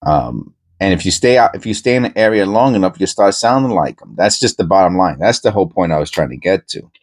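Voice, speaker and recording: A middle-aged man with a New York accent softened toward Pennsylvania talk, chatting casually and meandering with many pauses while he searches coin rolls. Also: deep voice, lively intonation. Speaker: coin roll hunting host. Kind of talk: casual rambling chat while searching coins.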